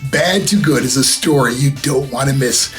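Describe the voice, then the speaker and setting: A man's voice: medium pitch, moderate pace, fairly bright tone, faint music behind. Man reading an upbeat book promo. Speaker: former wrestler promoting his book. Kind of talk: scripted promotional read.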